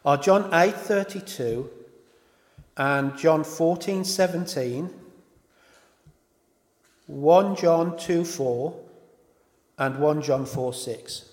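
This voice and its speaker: A man's voice: on the high side, drawn-out words, long pauses. A man preaching a sermon in an informal way, often stopping to correct himself and apologise. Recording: echoey hall with long reverb.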